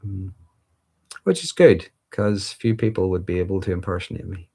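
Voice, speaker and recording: Middle-aged Northern Irish male livestream host, deep voice, thoughtful and rambling, reading and answering viewer questions. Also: moderate pace, warm tone, slightly rough. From Northern Ireland. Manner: thoughtful, rambling, frequent ums and restarts. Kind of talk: casual livestream chat.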